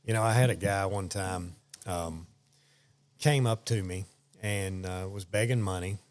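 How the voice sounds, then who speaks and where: A man chatting on a podcast, telling a story slowly with lots of fillers, sitting a bit away from the mic. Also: low-pitched, a little mellow. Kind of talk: casual chat.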